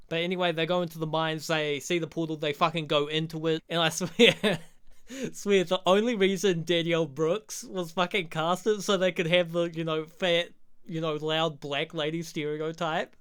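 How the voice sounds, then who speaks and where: Bright-voiced, foul-mouthed young man recapping a film. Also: fairly high pitch, clean tone. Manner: profane, rambling, joking. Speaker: movie reviewer. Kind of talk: crude comedic movie recap.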